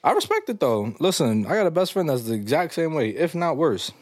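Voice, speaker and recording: A man's voice: a little high, huge pitch swings, fairly quick, no room sound. A young man hosting a casual comedy podcast, reading listener stories aloud and reacting with crude slang and frequent laughter.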